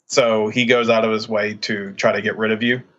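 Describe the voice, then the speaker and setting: A man's voice: lowish voice, little pitch movement, moderate pace, a bit bright, muffled recording. A man co-hosting a podcast, explaining a video game's story casually with frequent fillers. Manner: explains game lore, hesitant fillers. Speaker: podcast co-host. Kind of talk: casual game discussion.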